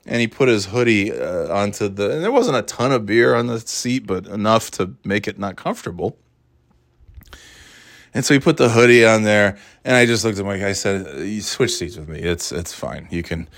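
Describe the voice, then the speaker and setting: A man's voice: fairly low pitch, expressive, moderate pace, fairly bright tone, dry recording, studio quality. A man telling a long casual story, swearing freely and rambling with many asides. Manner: profane, rambling, exasperated.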